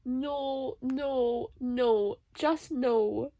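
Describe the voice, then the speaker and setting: A woman's voice: sits high, very slow, mellow, no echo. A young woman vlogging emotional reactions aloud as she reads a novel. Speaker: booktuber reading a novel. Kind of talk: casual reading vlog reactions.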